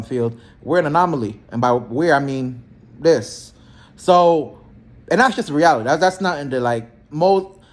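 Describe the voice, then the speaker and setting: A young man, a healthcare therapist, telling work stories in a blunt, slangy, animated way and acting out both sides of the talk. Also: mid-range voice. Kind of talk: casual storytelling vlog.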